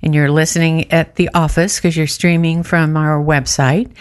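A woman makes a friendly, earnest pledge-drive appeal on public radio. Her voice is smooth and clear, and sits slightly low. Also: flat delivery, moderate pace. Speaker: public radio underwriting advisor. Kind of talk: on-air fundraising chat.

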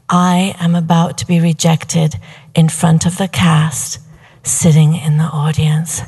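A young woman telling a personal story live, animated, slipping into hushed whispered asides. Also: lowish voice, unhurried, breathy edge.

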